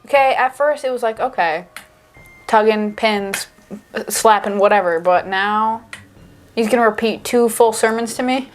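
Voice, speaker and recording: A young woman co-hosting a casual chat, skeptical and animated, talking with lots of fillers like "like" and "dude". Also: fairly high pitch, a little slow, soft background music. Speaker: co-host.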